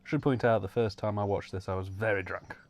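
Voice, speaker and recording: A man's voice: lowish voice, steady tone, brisk. A man co-hosting a comedy film commentary, cracking dry jokes and laughing often. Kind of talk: joking movie commentary banter.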